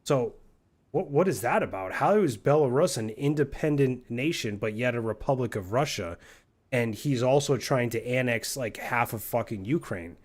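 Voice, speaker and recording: A man's voice: medium pitch, animated, normal speed. A married man streaming a game, ranting in a heated, argumentative and profane way. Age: adult, married with a son.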